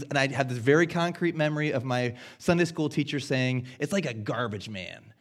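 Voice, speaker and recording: A man's voice: mid-range voice, normal speed, hardly any pauses. American man preaching on a headset. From United States. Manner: earnest and self-deprecating, swings between loud and hushed. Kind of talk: sermon.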